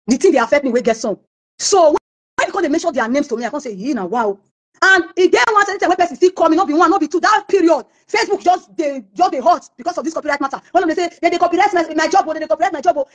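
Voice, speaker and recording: Fast, high-voiced Nigerian woman storyteller. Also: animated. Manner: acts out quoted voices of others while telling stories. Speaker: singer being interviewed. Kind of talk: animated storytelling interview.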